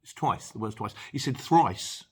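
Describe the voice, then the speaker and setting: A middle-aged channel host answers viewer questions in a casual Q&A, chatting and joking through the comments and chuckling often. His voice is fairly low, fairly bright, and husky, animated and at a normal speed.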